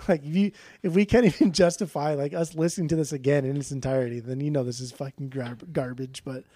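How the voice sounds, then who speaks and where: Male podcast co-host, mellow dark voice, blunt and profane, rambling. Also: on the high side, fairly even intonation, fast talker, dry recording. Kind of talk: casual chat, album review.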